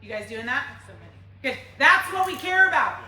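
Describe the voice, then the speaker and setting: A woman fitness coach talking to a group in a lively way, asking them questions and acting out her clients. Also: high-pitched, normal speed, far from the mic. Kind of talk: group workshop talk. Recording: roomy, from across the room, faint noise.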